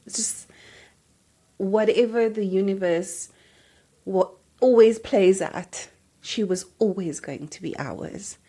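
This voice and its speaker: A woman, hosting a podcast and telling a personal story in an animated, emotional way. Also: medium pitch, slow, breathy edge. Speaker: podcast host.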